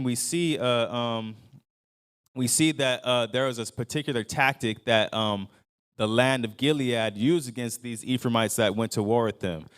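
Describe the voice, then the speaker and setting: Smooth-voiced man teaching scripture casually. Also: mid-range voice. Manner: conversational, full of fillers and restarts; acts out quoted speakers in a raised voice. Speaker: congregation Bible teacher. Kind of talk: casual Bible study teaching.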